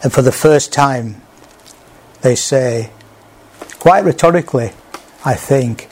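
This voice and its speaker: A man's voice: medium pitch, takes it slowly, long pauses, darkish tone, slightly rough. A man preaching a sermon in a plain conversational way, with small restarts. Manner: conversational, with small restarts, acts out quoted speech.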